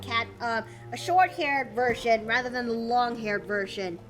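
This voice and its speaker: A woman's voice: on the high side, a little slow. A young woman streaming while she draws, chatting casually with her chat and thinking aloud. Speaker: streamer and artist.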